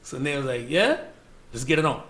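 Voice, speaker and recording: A man's voice: mid-range voice, sing-song, fairly quick, a bit bright. A man from the Bronx with a New York accent, a guest telling loose, slangy stories with many fillers. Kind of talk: casual storytelling interview. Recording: echoey room with faint ambient noise.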